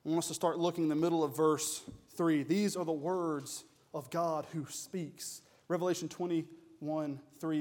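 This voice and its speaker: A man's voice: on the high side, fairly even intonation, a little mellow. Man preaching a dynamic sermon. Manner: preaching with dynamic swells and pauses, uses "y'all". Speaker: pastor.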